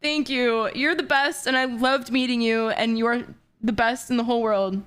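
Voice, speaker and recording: A woman in her twenties chats on a livestream with a high, bright voice. She reads fan messages aloud in a bubbly way and keeps breaking into giggles. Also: steady tone, normal speed, clean tone. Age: 20s. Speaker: streamer.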